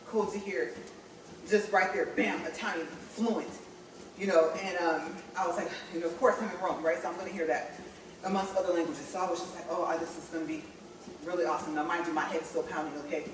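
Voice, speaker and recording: A woman's voice: on the low side, slight background noise. A woman from California, chatting to viewers and laughing often as she tells a story while walking on a treadmill. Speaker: vlogger. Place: indoor room with a treadmill. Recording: echoey room, mic set far off.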